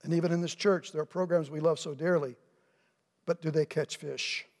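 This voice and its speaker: A middle-aged man, pitched fairly high, delivers a sermon from the pulpit. He talks in an animated way and slips into the voices of the people in his story. The sound carries a long reverb from the church sanctuary. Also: normal speed. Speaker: pastor.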